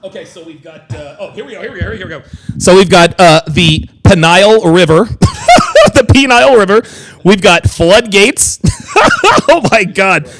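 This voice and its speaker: A man's voice: high voice, a little slow, no room sound, low-quality recording. An American man hosting a casual livestream chat, joking and restarting his sentences often. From United States. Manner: animated, joking, many restarts. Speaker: livestream host.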